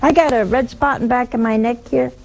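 An older woman giving a spoken religious teaching to an audience, folksy and animated, jumping to high emphatic tones and then dropping low and hushed. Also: a little fast, creaky. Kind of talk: spoken Catholic teaching talk. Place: live talk before an audience.

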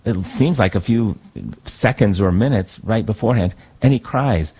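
A man, a priest, talking in a thoughtful, reflective way, pausing to search for words. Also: on the low side, mellow, breathy edge. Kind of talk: conversational talk.

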